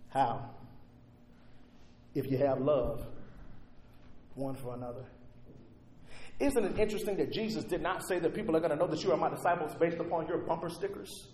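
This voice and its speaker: Male preacher, sermon delivery, high voice, booming then hushed, long reverb of a church hall. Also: very animated. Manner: dramatic swings between loud emphasis and hushed near-silence, drawn-out key words. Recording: echoey hall.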